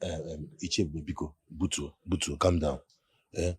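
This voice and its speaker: An actor with a Nigerian accent playing an exasperated friend who pleads with an elder in a Nollywood film, in a husky voice. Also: male voice, a bass voice, fairly even intonation, normal speed, dry recording, exaggerated voice. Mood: pleading. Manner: exasperated, coaxing.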